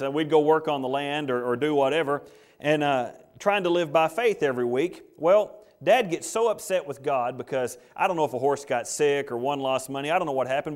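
A middle-aged man preaching a sermon, animated and acting out the complaints of Bible characters. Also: medium pitch.

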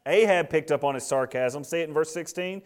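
A man preaching a sermon, acting out the characters' lines with swings between loud and hushed. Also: a little high, a little fast. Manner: dramatic, acts out the characters' lines. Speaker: pastor.

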